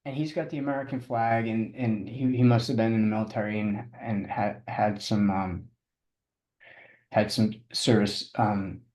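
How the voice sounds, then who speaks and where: A man's voice: fairly low pitch, steady tone, a little mellow. Middle-aged guy telling a story on a podcast, keeps restarting his sentences, echoey room. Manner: halting, with frequent restarts and chuckles. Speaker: podcast guest, triathlete. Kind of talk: casual storytelling interview.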